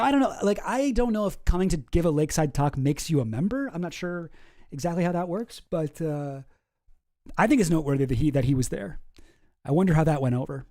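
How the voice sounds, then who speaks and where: Sarcastic rambling man, mellow voice. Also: on the high side. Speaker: host. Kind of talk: casual commentary.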